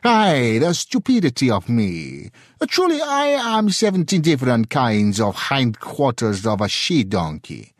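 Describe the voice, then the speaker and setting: A man voicing a small, skinny, excitable Italian merchant in a storybook reading. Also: mid-range voice, unhurried, hardly any pauses, dry recording, clean studio sound, voice pushed up, heavily acted.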